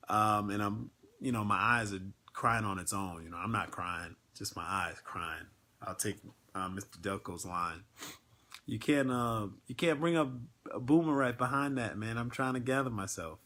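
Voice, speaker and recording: Guy w a lowish voice chatting on a livestream, emotional and earnest, lots of ums. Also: moderate pace, pushed and bright. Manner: emotional, earnest, many filler words. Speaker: network marketing livestream host. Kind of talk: casual livestream chat.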